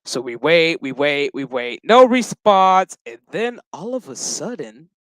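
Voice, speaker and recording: Slow-talking profane man recapping a show. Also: fairly high pitch, animated, fairly bright tone, dry recording, poor audio. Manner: profane, rambling, jokey. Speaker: show reviewer. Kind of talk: casual episode recap.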